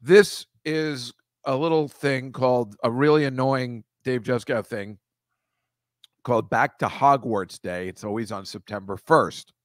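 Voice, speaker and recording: A man hosting a comedy show, wandering from bit to bit with profane, sarcastic commentary. His voice sits at an average male pitch. The recording is close and dry. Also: measured pace, no room sound. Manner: rambling, profane, sarcastic asides. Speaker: comedy podcast host. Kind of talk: casual comic riffing.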